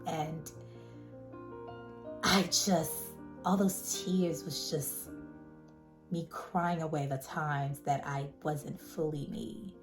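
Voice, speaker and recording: A woman vlogger in a casual, heartfelt monologue, animated and emphatic, who repeats words for emphasis. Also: low voice, drawn-out words, long pauses, faint music behind. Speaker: vlogger reviewing a web series.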